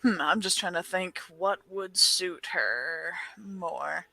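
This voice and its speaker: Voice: medium pitch, slow pace, gravelly, pushed and bright, no echo. A player in a tabletop role-playing game, chatty and asking questions. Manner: chatty, asks questions, laughs easily.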